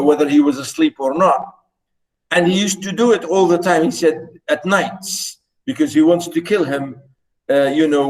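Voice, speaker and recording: Slow, hesitant male literature teacher. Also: fairly high pitch, low-quality recording. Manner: hesitant, full of fillers, reads passages aloud with emphasis. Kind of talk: classroom lecture on a short story.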